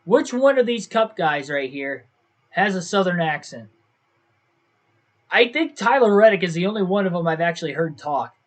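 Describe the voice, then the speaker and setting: A man's voice: sits high, animated, moderate pace. Young man thinking aloud on stream. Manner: thinks aloud, second-guesses himself. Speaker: gaming livestreamer. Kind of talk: casual livestream commentary.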